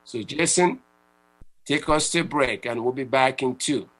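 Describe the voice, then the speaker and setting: A man's voice: medium pitch, measured pace, a bit bright, poor audio. A man hosting a radio talk show, speaking in a conversational way with restarts and repeated words.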